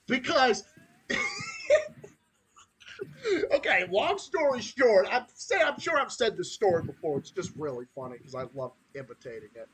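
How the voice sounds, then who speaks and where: A man's voice: high voice, huge pitch swings, normal speed, sharp tone, a little hiss or hum. A man from Massachusetts with a Massachusetts accent, hosting a podcast in a heated, profane ranting style. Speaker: podcast host.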